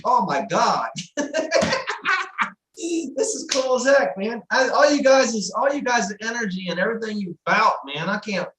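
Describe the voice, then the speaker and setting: A woman's voice: lowish voice, reverberant. A woman speaking on a video call, effusive and stumbling over her words with joy. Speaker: meeting participant. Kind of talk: excited video-call remarks.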